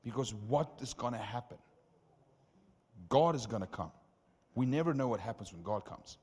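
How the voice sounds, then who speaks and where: A man preaching as the preacher, telling stories in an animated, conversational way with many asides. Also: mid-range voice, normal speed, slightly rough. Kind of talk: sermon storytelling. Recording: reverberant hall.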